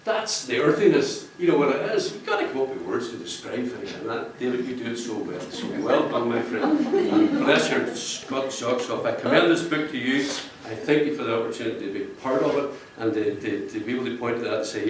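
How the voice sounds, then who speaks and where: Expressive and brisk, with few pauses, a man with a mid-range voice speaks to a book launch audience as the cover artist. His talk is jokey and rambling, punctuated by laughing at his own jokes, in a function room. The room echoes and the mic is distant.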